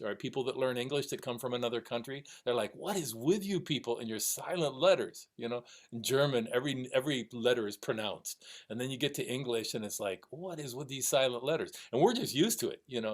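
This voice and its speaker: A middle-aged man teaching music online, counting rhythms aloud in a casual, encouraging way over a video call. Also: mid-range voice. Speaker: music instructor. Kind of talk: recorded online class lecture.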